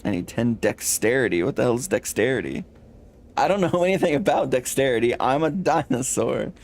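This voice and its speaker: A man's voice: mid-range voice, expressive, a little fast, a little mellow. A man streaming a game, reading its text aloud with dramatic flair and playful asides.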